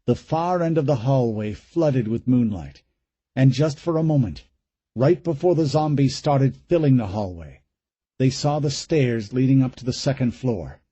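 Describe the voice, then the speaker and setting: A man's voice: medium pitch, animated, normal speed, dark tone, slightly rough, no room sound, lo-fi sound. A man reading a horror audiobook aloud in a dramatic, suspenseful way. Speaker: audiobook narrator. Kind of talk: scripted narration.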